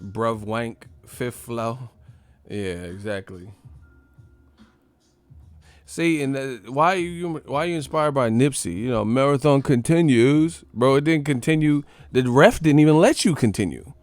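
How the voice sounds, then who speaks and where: A man's voice: mid-range voice, expressive, measured pace, no room sound. Profane mocking man ranting. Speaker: boxing channel host. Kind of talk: casual live-stream rant.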